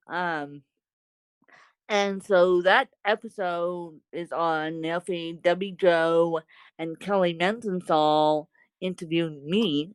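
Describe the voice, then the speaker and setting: A woman's voice: on the low side, no room sound, poor audio. A woman hosting a podcast in casual chat, rambling and repeating herself with frequent laughs. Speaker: podcast host.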